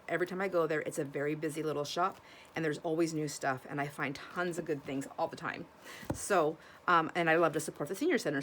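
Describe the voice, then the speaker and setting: A woman from Washington State with a notably low voice talks casually to her viewers about her finds. She rambles and restarts her sentences, breaking off to exclaim and gasp over each new find. A faint hiss of noise sits under her voice. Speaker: vlogger showing thrift finds. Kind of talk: casual chat to camera.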